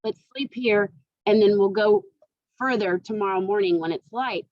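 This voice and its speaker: A woman's voice: mid-range voice, moderate pace, dry recording, muffled recording. A woman teacher who reads a play aloud in turn and then retells each part in casual everyday words. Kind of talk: reading and explaining a play to students.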